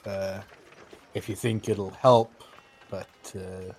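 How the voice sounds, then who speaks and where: Guy doing a low-key arrow maker, kinda halting, slow. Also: steady tone, darkish tone, exaggerated voice. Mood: grudging. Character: gruff male arrow-maker shopkeeper.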